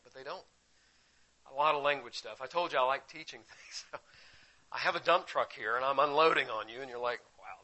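Guy preaching, bright kinda high voice, gets loud then real quiet, teaching mode. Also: poor audio. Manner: animated teaching, leaps between loud emphasis and quiet asides. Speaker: pastor. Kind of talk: sermon.

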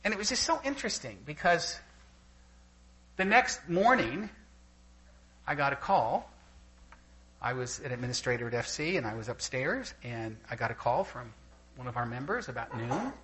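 Animated, bright-voiced older male preacher. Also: mid-range voice, normal speed, pauses often, rough recording. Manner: animated storyteller who laughs through anecdotes. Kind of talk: sermon. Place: church gathering with a live audience.

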